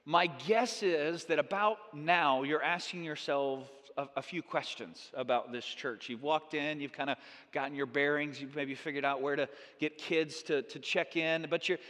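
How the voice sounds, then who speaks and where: A male pastor preaching a sermon in a church, animated and acting out the people in the Bible story. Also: a little high, moderate pace, in a large hall. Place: church sanctuary.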